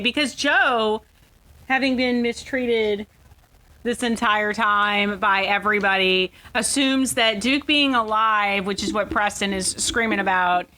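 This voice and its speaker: A woman's voice: mid-range voice, pushed and bright. A woman co-hosting a podcast, retelling a movie's plot in a chatty, sympathetic way. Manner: chatty, sympathetic, agreeing often. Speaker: podcast co-host. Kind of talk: casual movie recap chat.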